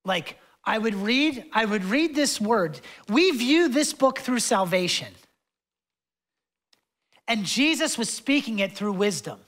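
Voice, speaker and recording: A young adult man preaching a sermon as pastor in a loose, conversational way, full of fillers and asides, and passionate as he swings between loud stretches and hushed ones. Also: high-pitched, expressive, takes it slowly.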